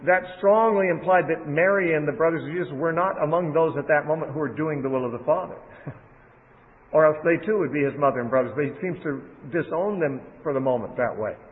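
A man preaches on prayer in a conversational way, retelling scripture in plain everyday speech. His voice sits somewhat high for a man. The sound is narrow and phone-like, with a long echo trailing behind him. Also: a little fast. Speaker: Bible teacher. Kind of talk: sermon. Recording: phone-like audio in a reverberant hall.

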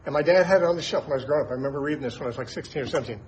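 A man's voice: mid-range voice, very fast, muffled recording, slight background noise. A man who teaches the Bible on the radio, explaining scripture in an emphatic way and posing rhetorical questions to his listeners.

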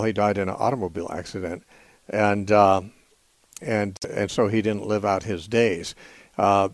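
A man hosting a call-in radio show, answering callers in a measured, thoughtful way with frequent fillers. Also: lowish voice, dry recording. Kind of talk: call-in radio Bible teaching.

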